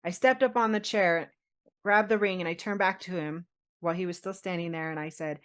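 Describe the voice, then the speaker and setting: Lively storytelling woman, lower voice. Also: a little fast, smooth. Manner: animated, laughs often while telling. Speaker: podcast co-host telling her story. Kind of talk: casual storytelling chat.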